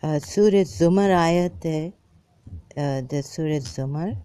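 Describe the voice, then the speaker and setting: A woman's voice: deep voice, measured pace, mellow. A woman giving an informal, rambling religious talk, reading verses aloud and commenting on them with many fillers and restarts.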